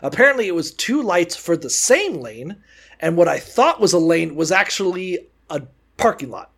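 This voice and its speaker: A man's voice: high-pitched, sing-song, normal speed, gravelly, a bit bright. A young man co-hosting a podcast, telling crude, funny stories in casual chat and laughing often. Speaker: podcast co-host.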